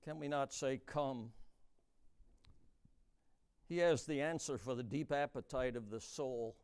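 A man preaching a sermon in a dramatic way, dropping to a hush and then booming out, drawing out key words. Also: unhurried, clear, resonant tone. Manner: dramatic, swings between hushed and booming, stretches key words.

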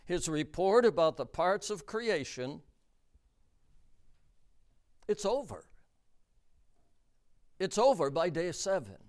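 A man preaching a sermon, emphatic and deliberate, repeating key words for stress. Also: high voice, a little mellow.

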